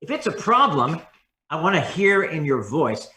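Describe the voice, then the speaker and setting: Acting out different tones of voice, a man talks expressively as a communication coach during a podcast interview. He has a fairly high pitch and speaks at normal speed in an echoey room.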